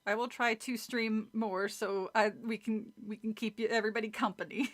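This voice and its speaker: A woman's voice: fairly high pitch, flat delivery, moderate pace. A woman streamer reading a children's book aloud and chatting casually, joking, swearing and laughing at the story.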